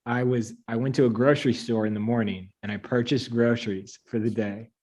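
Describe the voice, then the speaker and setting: A young man on a casual panel chat, telling a story in an animated way and laughing between lines. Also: medium pitch, a little fast.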